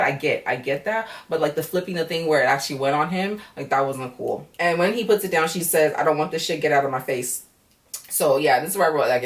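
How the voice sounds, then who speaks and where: A woman's voice: sits low, far from the mic. A woman casually recapping a reality show episode, talking bluntly with lots of swearing and acting out what people said. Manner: blunt, profane, chatty, acts out quotes.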